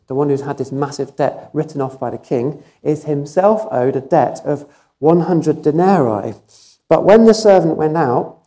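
A man's voice: mid-range voice, warm tone. A man preaching a sermon, telling a story vividly and emphatically, often repeating phrases for effect.

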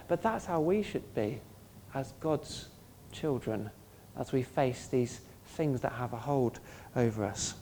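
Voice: medium pitch, animated, slow, hardly any pauses, dark tone. A pastor preaching a sermon in an earnest, conversational way, often asking the listeners questions.

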